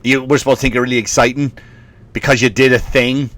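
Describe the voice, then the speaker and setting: A man's voice: medium pitch, little pitch movement, quick pace, a bit bright, dry recording. An Irish man, a stand-up comedian, ranting in a rambling way, swearing often and laughing at his own stories. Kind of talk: comedic rant.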